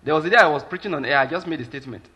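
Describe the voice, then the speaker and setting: A man's voice: a little high, racing, sharp tone, breathy edge. A Nigerian man preaching a sermon as a pastor, emphatic and keeps asking his listeners whether they follow.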